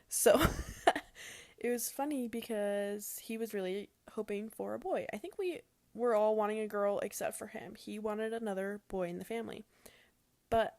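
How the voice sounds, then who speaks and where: A woman's voice: medium pitch, a little mellow, no room sound. A young adult woman casually telling a personal story to her viewers, chatty and emotional, with lots of "like". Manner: chatty and emotional, says "like" often. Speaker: vlogger.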